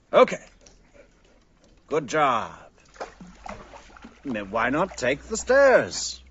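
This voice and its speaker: A man talking playfully to his pet in a slow, drawn-out sing-song voice, teasing and affectionate, as a livestream host. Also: medium pitch, wildly swooping pitch, fairly bright tone, husky. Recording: dull lo-fi audio.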